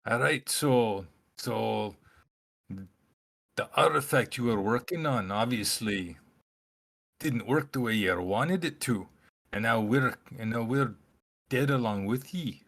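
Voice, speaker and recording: A man playing in a tabletop game, calmly asking questions and sometimes speaking in character. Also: medium pitch, slow pace, creaky. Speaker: player. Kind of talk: casual tabletop game play.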